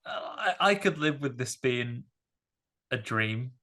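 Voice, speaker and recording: A man hosting a podcast, chatting casually about a film in a rambling, animated way with many fillers. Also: medium pitch, takes it slowly. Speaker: podcast host. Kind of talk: casual film review chat.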